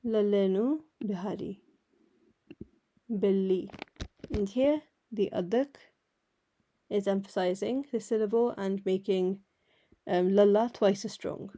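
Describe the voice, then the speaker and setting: A woman teaching a writing lesson, patiently explaining each letter and repeating words slowly. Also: mid-range voice, dark tone. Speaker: language teacher. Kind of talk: slow step-by-step alphabet lesson.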